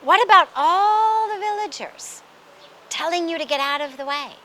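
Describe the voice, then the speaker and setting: A woman voicing a wise, patient male guru who corrects a student in a calm, gently scolding way. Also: very high-pitched, normal speed, slight background noise, pitched above the performer's own voice, heavily acted.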